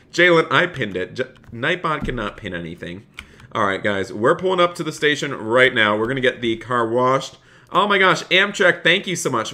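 A man's voice: mid-range voice, bright, forceful tone. A man live-streaming a police role-play game, reading viewers' chat aloud and answering them while he plays.

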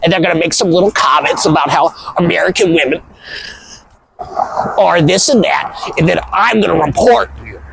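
A man's voice: high voice, normal speed, gravelly, a bit bright, slight background noise, heavily acted, poor audio. A man putting on the voice of a lazy, smug male online troll, taunting and sneering.

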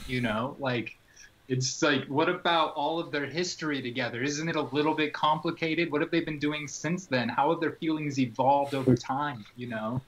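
A man's voice: fairly high pitch, fairly even intonation, moderate pace, fairly bright tone, lo-fi sound. A man co-hosting a comedy podcast, chatting in a rambling way with lots of fillers. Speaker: podcast co-host.

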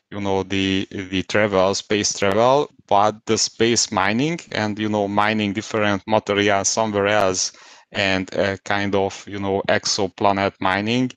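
A man's voice: lowish voice, smooth, dry recording. A man speaking as a panelist in an online roundtable, hesitant with many fillers and restarts. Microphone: video call.

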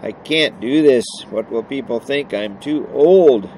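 A man voicing an affectionate, emotional sixty-year-old petite wife, raising his pitch for her lines. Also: steady tone, normal speed, dark tone, a little hiss or hum, natural voice, low-quality recording. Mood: distressed. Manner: lifts voice higher for her lines.

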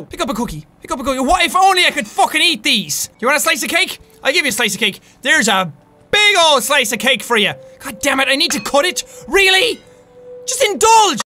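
Irish gamer guy yelling and cursing at a tea game, super high pitched and bright. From Ireland. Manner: loud, frantic, swearing and yelling at the game. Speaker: gaming YouTuber. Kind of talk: gameplay commentary.

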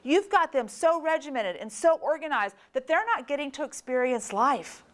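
A woman's voice: sits high, expressive, normal speed, voice pushed up. A woman voicing an easygoing adult surfer uncle in a storytelling talk, breezy and reassuring, brushing off worry.

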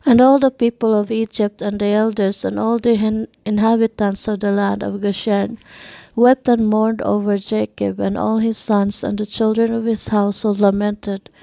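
Mellow, even-voiced woman reading scripture. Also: mid-range voice, vocal fry, dry recording. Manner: steady, measured reading of archaic text. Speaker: scripture reader.

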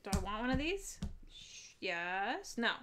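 A woman hosting a casual board game live stream, upbeat and quick to laugh as she cheers and greets viewers. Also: medium pitch, big pitch swings, noisy background.

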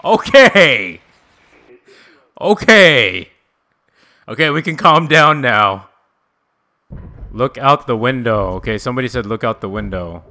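A man's voice: mid-range voice, lively intonation, takes it slowly, pauses often, bright, forceful tone. A man streaming a horror game live, talking to his chat, swearing often and shrieking when startled. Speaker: gaming streamer. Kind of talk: live gameplay reaction.

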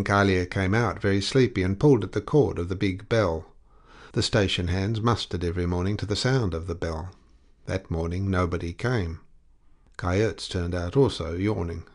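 A man narrating a classic short story as an audiobook, in a measured, deliberate way. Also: low voice. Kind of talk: scripted narration.

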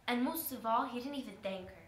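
A woman's voice: a little high, fast talker. A woman student telling a folk tale aloud to her class, restarting and stumbling now and then. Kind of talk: storytelling to a class. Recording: echoey room, faint hiss.

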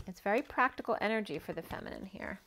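A woman's voice: mid-range voice, expressive, quick pace, a bit bright, slight background noise. A woman giving a casual spiritual tarot reading, rambling and repeating herself and checking in with "right?" as she goes. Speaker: tarot reader.

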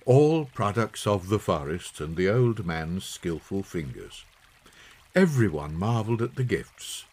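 Man, audiobook narration, husky voice, lively pitch. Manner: slow, lively expressive reading. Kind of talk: storybook narration.

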